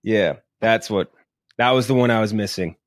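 A man's voice: moderate pace, no echo, clean studio sound. A man co-hosting a podcast, chatting casually and swearing as he rambles through a film idea. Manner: rambling, profane, pitches a film plot. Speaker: podcast co-host. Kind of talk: casual chat.

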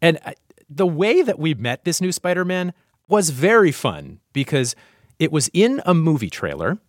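A man's voice: a little high, sing-song, moderate pace, dry recording. A man hosting a podcast, narrating in a conversational way and acting out quotes with animation. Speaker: host.

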